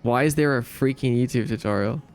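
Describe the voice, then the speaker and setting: A man with a gravelly, slightly mellow, middle-pitched voice chats casually with his live-stream audience, reading their messages aloud and joking back at them. He talks fairly quickly, and faint music plays in the background.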